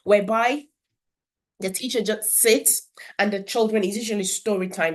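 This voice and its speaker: A woman's voice: fairly low pitch, darkish tone. A woman educator, giving earnest instructional advice to parents about reading and talking with their children. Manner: earnest, explanatory, with brief demonstrations of character voices.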